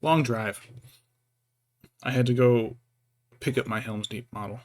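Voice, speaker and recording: Painting miniatures on a live stream, a young man chats casually in an unhurried, mid-range voice. He rambles and interrupts himself with jokes, slipping into baby-talk with his pet between asides.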